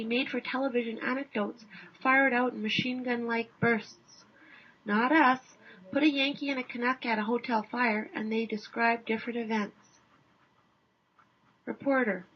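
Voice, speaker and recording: Husky woman reading a wry essay. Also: fairly high pitch. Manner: dry, wry understatement. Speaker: essay reader. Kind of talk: scripted first-person essay narration. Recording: dull lo-fi recording.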